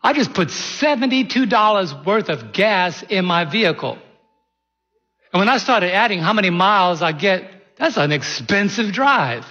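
Man, pastor, folksy sermon, rhetorical questions, high voice, long church reverb. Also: expressive, unhurried, sharp tone, slightly rough, highs cut off, soft background music.

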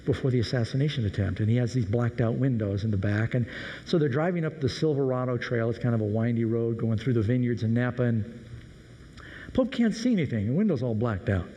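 A man preaches in a relaxed, anecdotal storytelling way. His voice is mellow and dark, and a long hall reverb trails behind every phrase. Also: mid-range voice, fairly quick. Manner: conversational, anecdotal. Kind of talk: sermon storytelling.

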